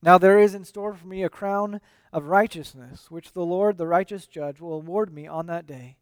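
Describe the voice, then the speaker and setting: A man preaching a sermon as a pastor, earnest and emphatic, letting his voice fall quiet and low at the ends of phrases. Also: fairly even intonation, moderate pace, clear, resonant tone, no echo.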